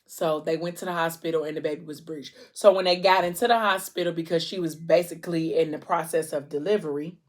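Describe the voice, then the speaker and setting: A woman vlogger casually recapping a book, chatty and slangy, with a stressed edge. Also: on the low side. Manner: chatty, retells scenes with slangy asides.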